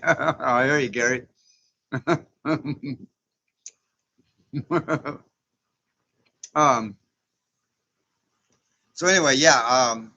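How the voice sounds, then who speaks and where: A man's voice: medium pitch, sharp tone, poor audio. A man hosting a casual live stream, folksy and chatty, often chuckling as he greets viewers.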